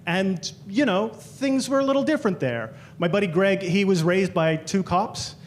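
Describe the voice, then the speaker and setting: Man, Australian accent, high voice, stand-up comedian, animated storytelling, faint background hum. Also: normal speed. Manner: animated storytelling, quoting others in exaggerated voices. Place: comedy club stage.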